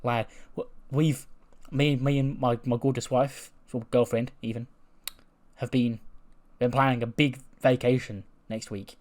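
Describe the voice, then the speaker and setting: A man voicing a brash, cocky male wrestler who shouts and blusters. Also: medium pitch, flat delivery, measured pace, close to an everyday voice. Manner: loud, blustering, calls people lad.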